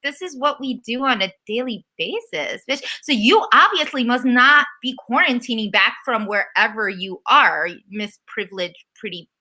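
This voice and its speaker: A woman with a fairly high, bright voice, co-hosting a casual recap show. She rants in an animated way and slips into mocking impressions. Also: moderate pace, few pauses. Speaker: podcast co-host.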